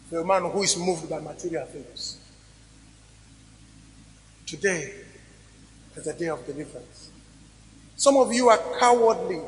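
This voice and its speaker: A man preaching a sermon as pastor, swinging between loud emphatic rises and quiet drops. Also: high-pitched, slight background noise. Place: church hall. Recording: reverberant church hall recording.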